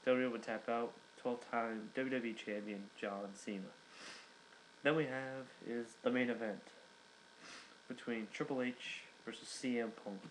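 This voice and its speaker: A man's voice: mid-range voice, steady tone, a little slow, slight background noise, rough recording. A young man giving a casual recap, rambling with many fillers and restarts. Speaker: wrestling reviewer.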